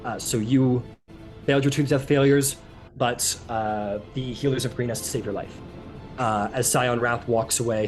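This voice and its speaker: A man's voice: medium pitch, a little mellow. A man running a tabletop game as game master, narrating casually with many fillers and restarts.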